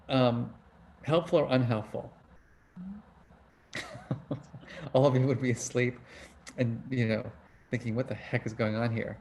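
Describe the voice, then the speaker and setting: A man's voice: medium pitch, fairly even intonation, measured pace, pauses often. Middle-aged guy running a book club on a video call, chatty, keeps asking the group stuff. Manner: casual, conversational, asks the audience questions. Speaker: book club host and emotion researcher. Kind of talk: online talk leading a book club.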